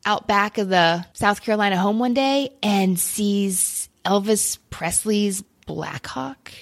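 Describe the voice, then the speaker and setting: A woman hosting a podcast, giving quick, chatty book recommendations in a casual conversation. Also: mid-range voice, creaky. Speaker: podcast host. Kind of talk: casual chat.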